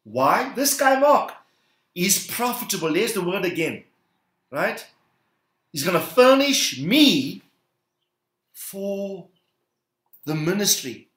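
A male pastor delivers a sermon, his fairly high voice leaping up to stress key words. He calls the congregation to repeat phrases after him. The sound rings through a roomy, reverberant hall. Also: big pitch swings, slow, long pauses, fairly bright tone. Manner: emphatic, rising bursts, calls the congregation to repeat.

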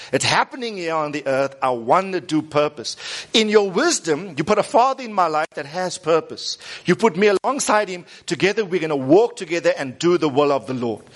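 A man preaches a sermon to his congregation. His voice sits slightly high and rises and falls with energy. He prompts the room to repeat phrases and chuckles at his own asides. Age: 50s. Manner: animated, coaxing the congregation to repeat after him, laughing at himself. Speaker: pastor.

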